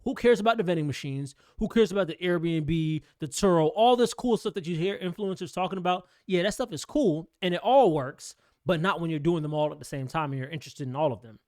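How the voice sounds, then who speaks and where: A fast-talking man gives a blunt, streetwise pep talk to aspiring notaries. His voice sits a little high and rushes ahead. The recording is dry and close, with no room sound. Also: a little mellow, no echo. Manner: blunt, ranting, streetwise slang. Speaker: notary business coach. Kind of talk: blunt motivational talk to camera.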